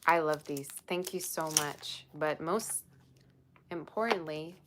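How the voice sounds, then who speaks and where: A woman with a low voice hosts a casual tarot livestream and chats directly to her viewers. She gushes effusively and sounds openly emotional. A steady hiss sits under her words, picked up on a built-in device mic. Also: slow. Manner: effusive, gushing and emotional while unboxing gifts. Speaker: tarot reader livestream host. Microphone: built-in device mic, no proper microphone.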